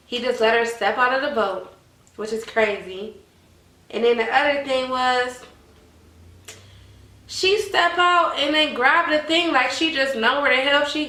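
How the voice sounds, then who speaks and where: A woman's voice: a little high, roomy sound, recorded from a distance, low-quality recording. A woman, chatting animatedly to her viewers in a casual commentary. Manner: animated, addresses viewers as y'all. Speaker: vlogger.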